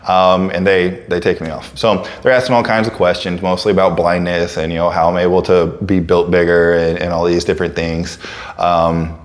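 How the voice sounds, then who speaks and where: Man, very low voice, casual storytelling, loose, fillers and restarts. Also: normal speed. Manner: relaxed, full of fillers and restarts, acts out others' lines. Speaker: fitness coach and storyteller.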